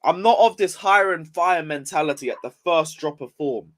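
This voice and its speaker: A man's voice: fairly high pitch, lively intonation, normal speed, fairly bright tone. A young man ranting on a casual football live stream, just woken up and yawning, swearing in frustration as he reads chat aloud. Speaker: football livestreamer.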